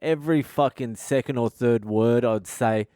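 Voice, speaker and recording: Foul-mouthed man, smooth dry voice. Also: medium pitch, normal speed, dark tone, dry recording. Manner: foul-mouthed, blunt, ranting. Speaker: podcast host. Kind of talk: casual storytelling monologue.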